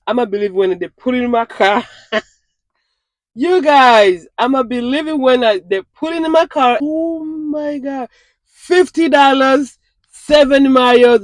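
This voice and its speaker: A delivery driver vlogging through a work shift, chatting to viewers and repeating phrases with excitement. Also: high voice, dry recording. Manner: excitable, repeats phrases, keeps saying "you guys". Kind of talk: casual vlog talking to viewers.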